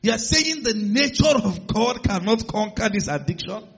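A man preaching with a high, husky voice that leaps up and down in pitch as he pushes his points. His words ring out with a long reverb in a large church hall. The recording sounds a little muffled. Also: lively intonation, moderate pace. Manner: emphatic preaching, rising to loud declarations. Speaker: pastor. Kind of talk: sermon.

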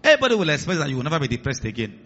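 A man's voice: fairly high pitch, very animated, racing, fairly bright tone, dull audio. A man preaching a sermon as pastor, acting out voices in his stories and dropping to a hiss for commands. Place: church hall with a congregation.

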